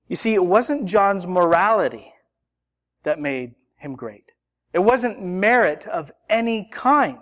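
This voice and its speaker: A man's voice: high-pitched, a bit bright. A man preaching a sermon as a pastor, earnest and building emphasis through repetition.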